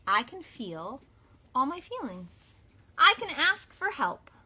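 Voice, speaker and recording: A woman's voice: high voice, big pitch swings, slow, bright, forceful tone. A young woman who is both mother and teacher, singing songs and reading a picture book aloud to young children in an upbeat, sing-song way. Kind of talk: kids' song and read-aloud lesson.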